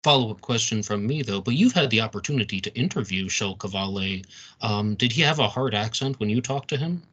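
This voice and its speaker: A man's voice: on the low side, lively intonation, a little fast, a bit bright. A man hosting a podcast, putting questions to a guest with the odd filler. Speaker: podcast host. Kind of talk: interview questions.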